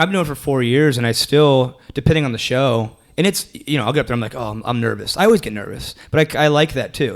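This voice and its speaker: A young man talks quickly, piling up fillers and restarts as he spins a story. His pitch sits in the middle for a man, and he tells it as a comedian in a loose, casual interview. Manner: rambling, animated, lots of fillers and restarts. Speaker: comedian guest.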